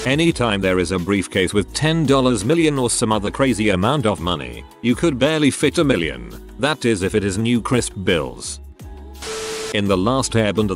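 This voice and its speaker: Male narrator for read-aloud posts: low, very animated delivery, sarcastic edge, faint music bed. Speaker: narrator reading online posts. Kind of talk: scripted narration.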